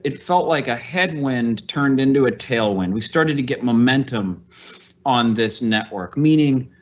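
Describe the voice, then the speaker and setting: A man hosting a podcast interview, asking measured, explanatory questions. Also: mid-range voice, muffled recording. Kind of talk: casual interview talk.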